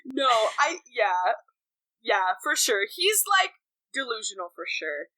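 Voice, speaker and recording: A young woman co-hosting a casual book podcast, talking in an animated way, laughing often and acting out characters' lines. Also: a little high, takes it slowly, dry recording, low-quality recording. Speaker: podcast co-host. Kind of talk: casual book discussion chat.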